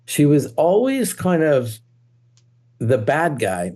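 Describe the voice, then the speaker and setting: A man's voice: on the high side, wildly swooping pitch, takes it slowly, a little mellow. A man, a guest television creator, talking casually and thoughtfully on a podcast, often circling back with restarts.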